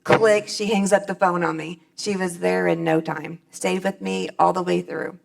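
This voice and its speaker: A woman's voice: lowish voice, steady tone, moderate pace, creaky. A middle-aged woman speaking on stage at a convention, giving a plainspoken, folksy personal testimony.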